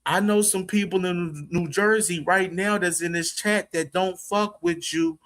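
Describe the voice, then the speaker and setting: A man's voice: sits high, steady tone, unhurried, fairly bright tone. A man hosting a casual boxing live stream, laughing often, slangy and profane, talking straight to his chat. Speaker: boxing show host.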